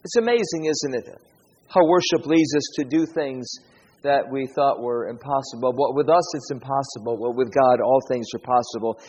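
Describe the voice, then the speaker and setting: A man's voice: mid-range voice, normal speed, darkish tone, husky. A man preaching a sermon, speaking earnestly, repeating key phrases and asking his listeners rhetorical questions. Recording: dull, echoey hall recording.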